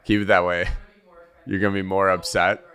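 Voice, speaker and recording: A man's voice: low-pitched, little pitch movement, normal speed, fairly bright tone, clean tone. A man hosting a podcast, bantering in casual chat with a joking, easygoing manner. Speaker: podcast host.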